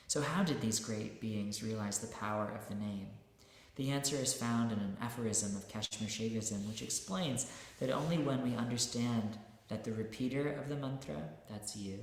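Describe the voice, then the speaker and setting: A man giving a relaxed, conversational spiritual lecture as a meditation teacher. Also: on the low side. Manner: relaxed, conversational, with many fillers. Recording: very echoey hall, long reverb.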